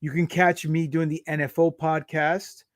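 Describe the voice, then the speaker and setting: Recorded dry in studio quality, this American man is a pro wrestler guesting on a casual interview. He swears freely, jokes around and comes across as brash, speaking at a moderate pace in a level tone with a voice on the high side.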